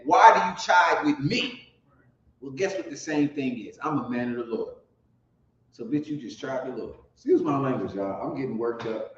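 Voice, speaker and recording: A man preaching on the street, profane and fiery, teaching from scripture and swinging from mutters to shouts. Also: medium pitch. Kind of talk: street sermon with scripture reading. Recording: roomy dull lo-fi recording with faint noise.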